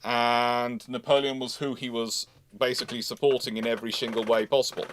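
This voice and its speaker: A man's voice: medium pitch, level tone, brisk, fairly bright tone, slight background noise. Chatty man giving a livestream history lecture. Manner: conversational, with fillers and self-corrections. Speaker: naval history lecturer and channel host.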